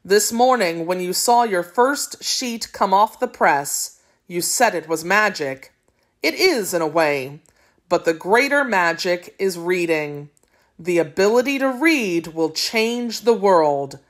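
Gentle old typesetter man, calm and low, slow and unhurried, read by a woman. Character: kindly old male typesetter, gruff then gentle.

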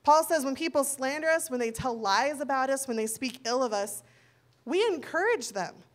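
A woman in her thirties delivers a sermon with a fairly high voice. She keeps it conversational and slips into acted dialogue to make her points, like talking things over with a congregation of friends. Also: expressive, moderate pace. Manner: conversational, acts out quoted dialogue. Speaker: preacher.

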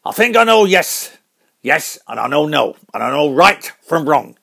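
A man doing a gravelly hot-headed old brawler. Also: on the high side, sing-song, moderate pace, exaggerated voice. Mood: worked up. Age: older. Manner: boastful, gets loud and worked up. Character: hot-headed older boxing dad, boastful brawler.

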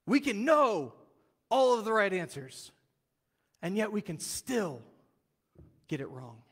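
High-voiced man preaching in a hall. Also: takes it slowly, husky. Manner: animated storytelling, casual slang, acts out quotes. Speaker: pastor. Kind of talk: sermon. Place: church sanctuary.

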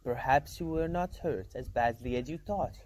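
A man voicing a calm, patient woman healer in a storybook reading, speaking softly and soothingly. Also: mid-range voice, natural voice. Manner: soft, soothing, measured speech.

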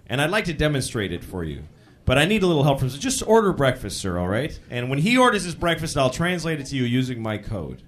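Animated man doing stand-up. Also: medium pitch, fast. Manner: conversational, incredulous, bursts into loud shouting. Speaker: stand-up comedian. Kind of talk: stand-up comedy set. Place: live comedy stage.

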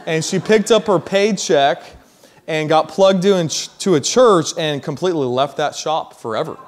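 A man preaching a sermon, telling a story in a casual, slangy way that builds to loud emphasis. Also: fairly high pitch, moderate pace.

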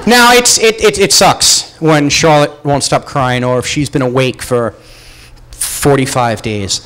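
A man telling a comic personal story live at a pub show, animated and self-mocking, acting out the voices he quotes. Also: mid-range voice, a little slow, a little hiss or hum, poor audio. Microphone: far camera.

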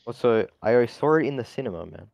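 A man's voice: mid-range voice, expressive, fairly quick, creaky, darkish tone, no room sound. A young man from Tasmania, bantering and swearing in gaming voice chat. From Tasmania, Australia. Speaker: gamer.

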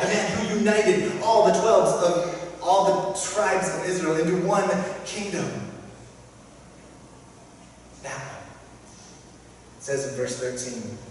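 A man preaching a sermon as pastor, emphatic, with repeated phrases and dramatic pauses. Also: medium pitch, a little hiss or hum. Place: church sanctuary. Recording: echoey church hall from far off.

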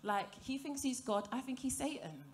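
A woman works a theatre crowd through a stand-up set. Her voice sits a little high and her delivery stays playful and chatty, full of questions thrown at the audience. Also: lively intonation, normal speed, very noisy. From African heritage, grew up in Britain. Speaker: stand-up comedian. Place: theatre stage before a live audience.

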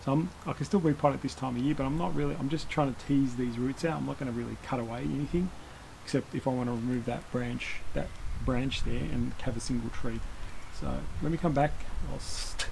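A man's voice: medium pitch, a little fast, gravelly, darkish tone, a little hiss or hum, rough recording. A man hosting a bonsai channel, talking casually through a hands-on demonstration, rambling and correcting himself with small chuckles as he works. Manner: rambling, self-correcting, chuckles while working.

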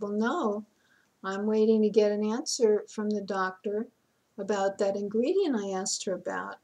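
A woman's voice: medium pitch, darkish tone, rough recording. A woman vlogging a personal story in a casual, aggrieved way, often repeating words.

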